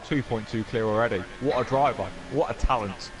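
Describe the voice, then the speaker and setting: A man's voice: medium pitch, a little fast. A man commentating an online racing game, enthusiastic and playful as he talks up the drivers. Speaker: lead commentator. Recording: clear background noise.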